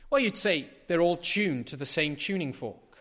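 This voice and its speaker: A man preaching a sermon in a large church, building to loud emphatic peaks with rhetorical questions and repetition, then dropping to quiet asides. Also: fairly high pitch, expressive, normal speed, in a large hall.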